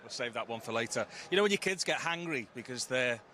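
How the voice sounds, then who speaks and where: A man presenting a live football broadcast, leading the guests with brisk questions. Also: mid-range voice, lively intonation, sharp tone, slight background noise.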